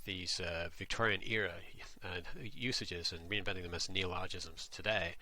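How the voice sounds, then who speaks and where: Low-voiced man, deadpan satirical musing. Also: normal speed, a little hiss or hum. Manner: tongue-in-cheek, rambling and musing. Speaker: vlogger. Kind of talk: satirical monologue.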